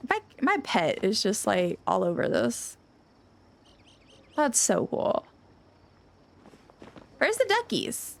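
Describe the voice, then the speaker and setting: A woman game streamer chatting casually on a live stream, gushing and excitable, rambling with lots of restarts. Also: medium pitch, takes it slowly, gravelly, long pauses.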